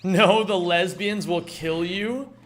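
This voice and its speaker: A man streaming a game speedrun, chatting casually with his chat, swearing and bursting into excited shouts. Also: sits high, takes it slowly. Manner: reads chat aloud, swears, excitable outbursts.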